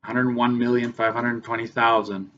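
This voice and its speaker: A man's voice: mid-range voice, level tone, normal speed, fairly bright tone, dull audio. A man teaching a math lesson step by step, often checking in with "right?" as he works through the numbers. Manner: talks through steps, frequent "right?" checks.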